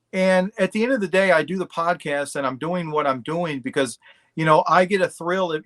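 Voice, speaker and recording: A man's voice: a little high, fairly bright tone. Blunt, candid man as a podcast guest. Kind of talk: casual interview conversation.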